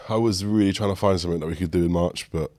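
A man's voice: low voice, very fast, darkish tone, no echo. A young man co-hosting a podcast, telling stories in casual chat. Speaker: podcast co-host.

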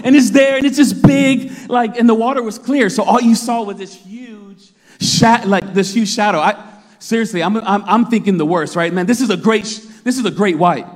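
A man in his thirties preaching a sermon, telling a story with lots of laughter and acted-out shouts. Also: high voice, moderate pace, big-room sound. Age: 30s. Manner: animated storytelling, laughing often, acting out his own shouts. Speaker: pastor.

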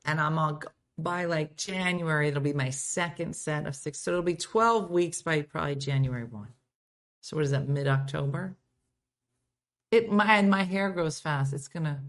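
Animated woman hosting a chatty morning stream. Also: deep voice, normal speed. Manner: animated, swings from quiet asides to loud exclaiming. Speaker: morning show host. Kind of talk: casual live-stream chat.

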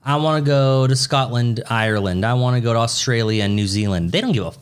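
Guy swearing nonstop, joking around, middle pitch, casual podcast chat. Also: brisk, clear, resonant tone. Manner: profane, rowdy and joking.

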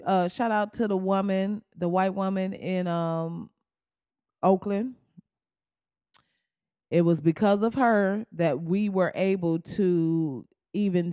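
Profane animated man riffing on politics. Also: high-pitched, clean tone, no room sound, studio quality. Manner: profane, animated, acts out quoted voices. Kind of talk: casual comedic commentary.

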